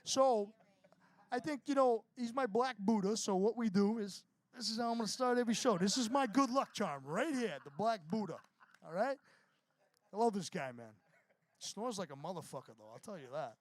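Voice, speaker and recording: A man's voice: high-pitched, lively intonation, normal speed. A man, a band frontman, talking casually and profanely in an interview, rambling through stories. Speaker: touring band frontman, guest.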